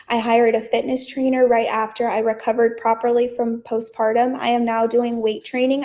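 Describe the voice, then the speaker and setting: A woman's voice: a little high, a little mellow. A young woman, a guest on a podcast, talking casually and packing her speech with "like" and "um". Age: young adult. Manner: chatty, leans heavily on "like" and "um". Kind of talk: casual interview chat.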